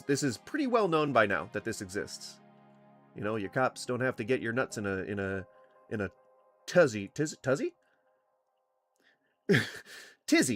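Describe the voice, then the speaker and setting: A man hosting a reaction video, talking in a casual, joking and rambling way. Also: medium pitch. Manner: animated, joking, rambling asides. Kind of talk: casual commentary.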